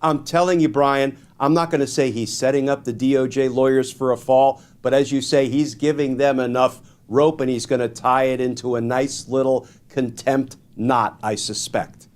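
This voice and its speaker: A man giving measured, explanatory legal commentary as a guest on a political talk show, stressing key points. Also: mid-range voice, fairly even intonation, a little mellow, clean tone.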